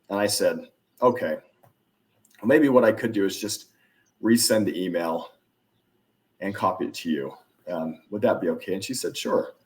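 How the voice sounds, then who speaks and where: A man telling sales stories as a podcast guest, acting out the dialogue with lively shifts in his delivery. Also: fairly low pitch. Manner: animated, acts out dialogue in anecdotes. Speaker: podcast guest, influence expert. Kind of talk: casual storytelling interview.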